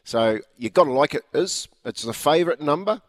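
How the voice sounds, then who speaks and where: A man's voice: a little high, animated, a little fast, no room sound. Man, New Zealand accent, radio racing segment, dry close sound. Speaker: radio presenter.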